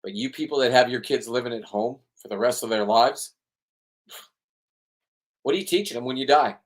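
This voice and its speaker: A man's voice: mid-range voice, moderate pace. A middle-aged man, a spearfishing boat captain, talking in a rambling, heated monologue full of swearing and repeated words. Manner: heated, profane, repeats himself.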